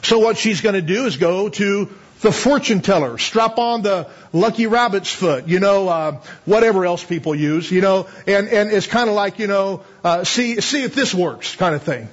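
High-voiced, husky preacher man. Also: normal speed, hardly any pauses. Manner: conversational preaching with rhetorical questions and laughs. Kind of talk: sermon. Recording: slightly dull lo-fi sound.

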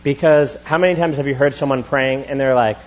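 A young man preaching a sermon in a church, in a relaxed, chatty style with quick asides. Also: mid-range voice, dull audio. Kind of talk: casual conversational sermon. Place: church sanctuary.

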